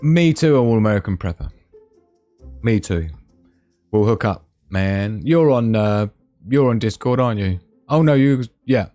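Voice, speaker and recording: A man's voice: on the low side, expressive, unhurried, warm tone, soft background music. A man hosting a casual live stream, chatting and laughing as he reads out memes. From Scotland.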